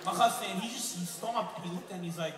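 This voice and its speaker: A man from Lebanon, doing a rambling, animated live stand-up set in a large hall. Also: high-pitched, brisk, noisy background. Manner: rambling, animated, with frequent restarts. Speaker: stand-up comedian. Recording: echoey hall, distant mic, loud crowd.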